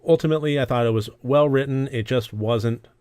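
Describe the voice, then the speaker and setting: Man, film review host, casual rambling delivery, smooth low voice, dry close sound. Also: a little fast, darkish tone, no echo. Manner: rambling, many fillers, self-deprecating asides. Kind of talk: casual movie review monologue.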